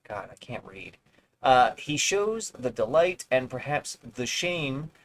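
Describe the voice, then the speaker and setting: Speaking slowly but very animatedly, a medium-pitched male streamer reads an article from his home setup. He stumbles over words, swears occasionally, and keeps drifting into sarcastic asides, all captured in poor audio.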